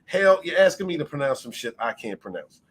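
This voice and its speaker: A man's voice: fairly high pitch, sing-song, a little fast, fairly bright tone. A man hosting a casual livestream, greeting his chat by name, laughing often and swearing freely. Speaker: livestream host.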